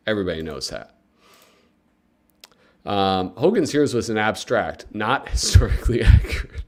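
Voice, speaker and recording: A male live-stream host talking to his chat in a loose, joking way. His pitch swings widely between low asides and high bursts of excitement. He sounds casual and playful as he reads from a comic magazine. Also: normal speed, long pauses. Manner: animated and joking, with sudden excited yelps; talks to chat viewers.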